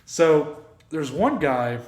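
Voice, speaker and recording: A man co-hosting a podcast, telling a long story in a casual, animated way, swearing freely and acting out what people said. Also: on the high side, extremely slow, roomy sound. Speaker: podcast co-host.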